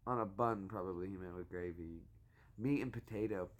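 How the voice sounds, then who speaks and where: A man's voice: low voice, brisk, slight background noise. A young man co-hosting a casual vlog, teasing his partner and joking around. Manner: joking, teasing, fond of goofy put-on accents. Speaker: vlogger co-host. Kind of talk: casual chat.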